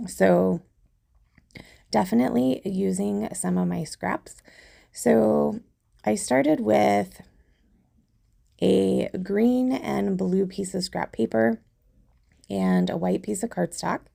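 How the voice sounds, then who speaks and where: A woman with a hoarse, husky voice from a cold, chatting casually as she walks through a craft project in her tutorial video. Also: mid-range voice, takes it slowly, long pauses, mellow. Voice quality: gravelly, husky. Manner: chatty, self-deprecating. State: hoarse from illness.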